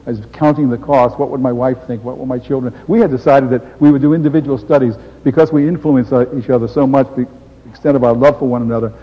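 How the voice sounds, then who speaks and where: A man's voice: medium pitch, steady tone. Older man telling his story in a hall. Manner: storytelling, chuckling, unhurried. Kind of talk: personal testimony. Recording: dull echoey hall recording.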